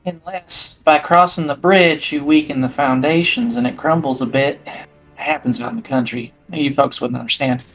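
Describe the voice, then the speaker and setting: A woman's voice: very deep voice, moderate pace, soft background music, poor audio. Player, woman, drawling folksy country put-on voice. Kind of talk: tabletop role-play in character.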